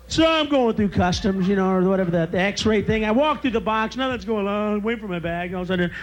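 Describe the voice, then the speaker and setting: A man's voice: sits high, fast. A man performing a stand-up routine, ranting and bursting into shrieking screams. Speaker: stand-up comedian.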